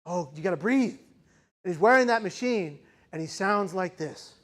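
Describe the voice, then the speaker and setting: A man in his forties giving a personal storytelling speech as a keynote speaker, dramatic and shifting between loud intensity and hushed quiet. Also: sits high, expressive, normal speed. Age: 40s.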